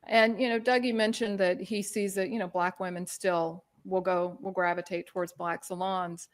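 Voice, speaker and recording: A woman's voice: on the low side, level tone, moderate pace. A woman giving a conversational talk as presenter, loose and informal, with frequent filler phrases. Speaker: presenter on hair culture. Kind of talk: conversational lecture.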